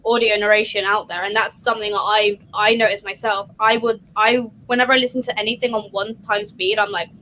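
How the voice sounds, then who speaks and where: A woman guest in a casual book club chat, talking in a quick, chatty way. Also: medium pitch, little pitch movement, bright, forceful tone, a little hiss or hum, low-quality recording.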